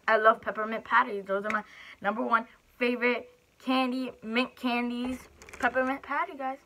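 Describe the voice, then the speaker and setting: A woman's voice: a little high, level tone, moderate pace, background noise. A young woman chatting and laughing while she eats on camera for her vlog. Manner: chatty, giggly, talks while chewing. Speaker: mukbang vlogger. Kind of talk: casual eating vlog.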